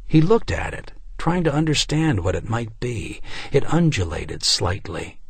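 A man narrating a novel as an audiobook, telling it in a measured, expressive way with dramatic dips and rises. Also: mid-range voice, creaky, slightly rough, no echo.

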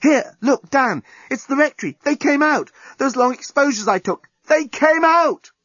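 A man voicing an excitable young woman who talks high and eagerly. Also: unhurried, no echo, muffled recording, full character voice. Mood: excited.

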